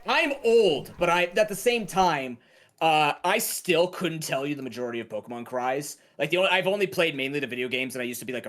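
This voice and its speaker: Animated man, chatty gamer. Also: on the high side. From Canada. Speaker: game runner. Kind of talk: casual commentary while playing.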